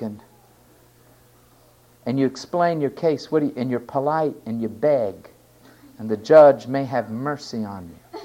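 A male preacher delivering a sermon at an unhurried pace. His voice sits in an ordinary middle register. He hits key words hard, then drops down into quiet asides. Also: medium pitch, muffled recording. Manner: emphatic, swinging between loud stresses and quiet asides.

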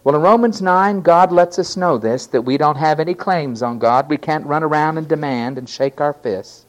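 A man preaching a sermon, stressing key words loudly and then dropping to quiet asides. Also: a little high, normal speed. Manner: emphatic, swinging between loud stresses and quiet asides.

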